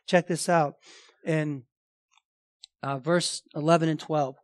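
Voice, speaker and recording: A man preaching a sermon as pastor, emphatic, often asking the congregation questions and swinging between loud declarations and hushed lines. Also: high-pitched, dry recording, studio quality.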